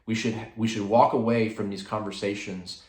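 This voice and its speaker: Low-voiced man in an echoey room. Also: steady tone, moderate pace. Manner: rambling, many fillers and restarts. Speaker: host. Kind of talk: casual devotional talk.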